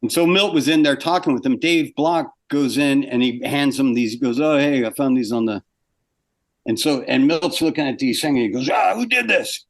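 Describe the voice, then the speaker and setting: A man's voice: mid-range voice, normal speed. An older man, a former animator, telling a story in an interview, acting out what people said and laughing as he goes. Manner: animated, acts out quotes, laughs often.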